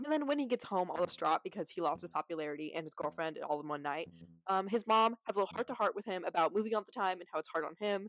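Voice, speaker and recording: Woman, casual movie recap, sarcastic, rapid talk, dry close sound. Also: medium pitch, no echo, poor audio. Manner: chatty, sarcastic, heavy use of "like".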